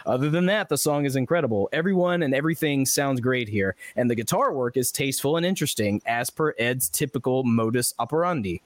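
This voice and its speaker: A man hosting a podcast, casually reading listener comments aloud with animated asides and frequent laughs. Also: medium pitch, brisk, few pauses, dry recording. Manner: animated, laughs often, restarts sentences. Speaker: podcast host.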